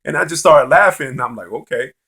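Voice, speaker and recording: A man's voice: fairly high pitch, fast talker, creaky, bright, forceful tone, slightly rough. A man vlogging dating advice as a loose, profane, rambling story told in casual talk.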